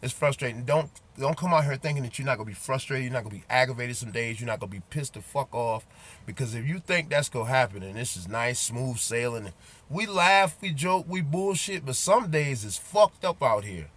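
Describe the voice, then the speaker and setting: A man's voice: medium pitch, expressive, brisk, fairly bright tone. A man who drives trucks, ranting bluntly and profanely to his viewers in a casual vlog, repeating his points and speaking straight to them.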